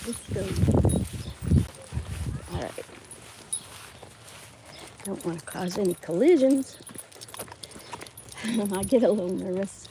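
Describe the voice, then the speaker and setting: A woman chats in a slow, unhurried way with a mellow, soft-edged voice while she walks her dogs outdoors. She rambles on and laughs easily, filming herself on a handheld phone. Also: medium pitch, a little hiss or hum. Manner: chatty, rambling, laughs often. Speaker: dog-walking vlogger. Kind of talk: casual live walk-and-talk. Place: outdoors on a neighborhood street.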